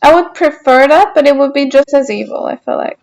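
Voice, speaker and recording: A woman's voice: high voice, expressive, a little fast, vocal fry, darkish tone, no room sound, rough recording. A young woman streaming a game, chatting casually with her viewers in a teasing, mock-indignant way.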